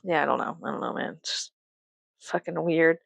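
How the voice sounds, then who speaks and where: A woman's voice: sits low, brisk, vocal fry, no echo. A woman vlogging in casual chat to camera, anxious and rambling, swearing and laughing often.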